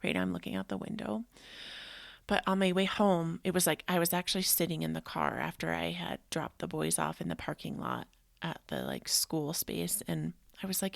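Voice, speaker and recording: Woman in her 30s rambling on her podcast, low gravelly voice, lots of "like", super dry close sound. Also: sing-song, normal speed, no echo. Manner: heartfelt, rambling, many "like" fillers. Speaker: podcast host. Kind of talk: casual personal podcast monologue.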